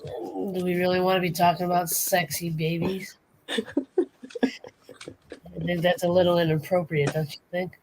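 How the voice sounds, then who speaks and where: A woman co-hosting a casual livestream, talking with viewers and getting animated. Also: moderate pace, pauses often, slight background noise, poor audio. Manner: animated, jumps up in pitch when excited. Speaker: livestream co-host.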